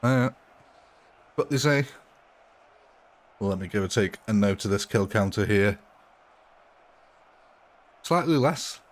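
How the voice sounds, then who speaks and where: A man's voice: fairly low pitch, slow pace, pauses often. Chatty man live-streaming a game. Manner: chatty, thanks viewers, laughs often. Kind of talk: casual live-stream chat.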